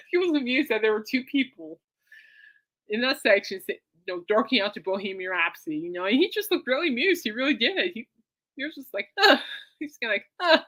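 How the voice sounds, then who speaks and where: A woman hosting her own podcast, rambling excitedly in a casual monologue full of fillers and restarts. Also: on the high side, a little fast. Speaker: podcast host.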